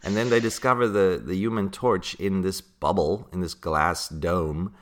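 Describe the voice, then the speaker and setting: Deep-voiced male podcast host, casual and chatty, laughs often. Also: fairly even intonation, measured pace. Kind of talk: casual chat about comics.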